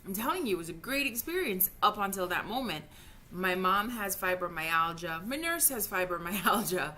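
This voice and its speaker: A woman's voice: mid-range voice, animated, normal speed, bright, forceful tone, a little hiss or hum. A woman in her thirties venting frankly in a personal vlog, heated and swearing freely, stumbling over her words when upset. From Jamaica. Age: 30s. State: upset and frustrated. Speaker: vlogger. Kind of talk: emotional personal vlog rant.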